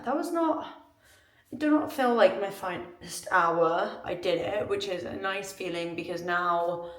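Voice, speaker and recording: A woman's voice: on the low side, slightly rough. Breathless young woman vlogging mid-run. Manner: chatty, self-talk while running, often breathless and weary. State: out of breath, exhausted. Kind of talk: running vlog, talking to camera. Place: outdoors, on a run. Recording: noisy outdoor ambience.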